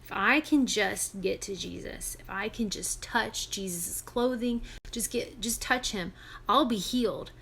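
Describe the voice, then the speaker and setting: A woman's voice: medium pitch, measured pace, vocal fry, bright, forceful tone, a little hiss or hum. A woman voicing a desperate, hopeful woman who has been sick for years, speaking with pleading urgency.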